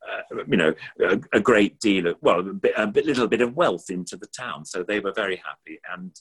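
A man's voice: lowish voice, expressive, brisk, a bit bright, breathy edge. An older man, a puppeteer, reminiscing in a casual, rambling, enthusiastic way with many ums and restarts.

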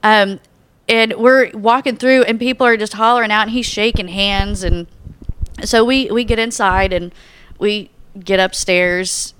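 A woman excitedly telling a story in casual chat, laughing often and acting out what people said. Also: mid-range voice, unhurried, clear, resonant tone.

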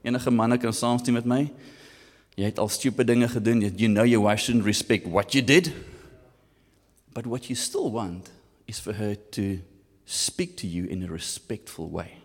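A man with a South African accent preaching a sermon, animated and switching between English and Afrikaans. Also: fairly low pitch, moderate pace, long reverb tail. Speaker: pastor.

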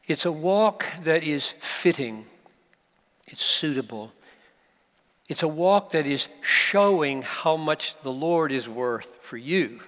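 A man preaching a sermon at a conference, slow and emphatic, with dramatic pauses. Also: on the high side, lively intonation, fairly bright tone. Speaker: pastor. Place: large conference hall. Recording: live hall recording with long reverb.

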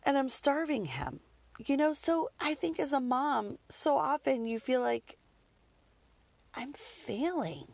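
A woman's voice: high-pitched, expressive, measured pace, gravelly, a little mellow, no echo. A woman, a mother, chatting casually and candidly, rambling with lots of "like" and "you know.". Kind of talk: casual personal chat.

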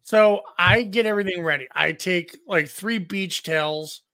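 Casting: man, high gravelly voice, rambling profane storyteller, dry booth sound. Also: normal speed, bright, forceful tone, dry recording. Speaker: podcast co-host. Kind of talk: crude casual storytelling.

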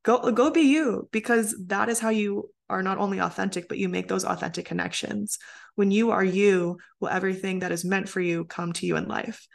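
A woman's voice: medium pitch, fairly even intonation, a little fast, gravelly. A woman mindset coach talking as a podcast guest in an earnest, motivational way with many "like"s. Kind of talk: casual interview chat.

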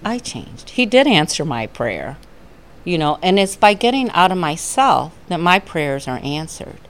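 A woman's voice: on the low side, sing-song, unhurried. A middle-aged woman speaking at a recovery meeting, telling her story in a heartfelt way and laughing often.

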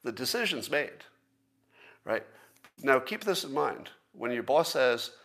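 A man hosts a podcast in a casual solo monologue, at a middling pitch. He sounds plain-spoken and self-assured, and he argues his point persuasively. He keeps asking the listener rhetorical questions. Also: very animated, unhurried, gravelly, fairly bright tone. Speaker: podcast host.

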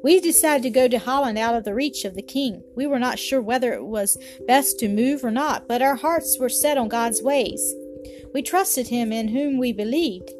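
A woman reading a storybook aloud in a calm, even way. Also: on the high side, normal speed. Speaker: narrator. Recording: faint music behind.

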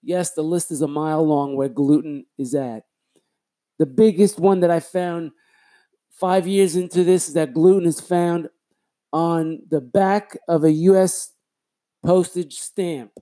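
A man's voice: a little high, steady tone, measured pace, warm tone. A man hosting his own solo podcast in a casual, rambling, chatty way, often correcting himself mid-sentence. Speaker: podcast host.

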